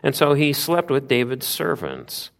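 A man preaching a sermon, retelling a Bible story with lively asides and rhetorical questions. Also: mid-range voice, unhurried, vocal fry.

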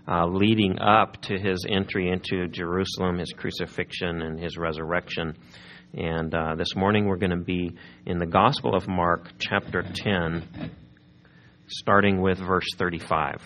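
A pastor delivers a sermon in an easygoing, conversational way. His voice sits a bit low for a man. He often turns to his listeners with questions. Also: fairly even intonation, a little slow, fairly bright tone. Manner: conversational, asks the congregation questions.

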